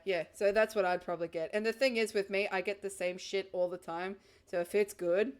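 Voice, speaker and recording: A woman, playing a game and reading its text aloud between excitable, swearing reactions, with faint game music behind. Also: medium pitch. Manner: excitable, giggly, swears often. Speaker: gamer.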